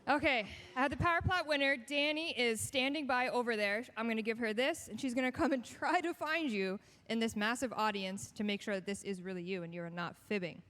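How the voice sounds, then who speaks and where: An upbeat woman emcees a live stage event and keeps the show moving with a playful touch. Her voice sits a little high for a woman. She speaks with easy confidence. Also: brisk, few pauses, a bit bright. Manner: upbeat, playful, running giveaways. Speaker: stage host.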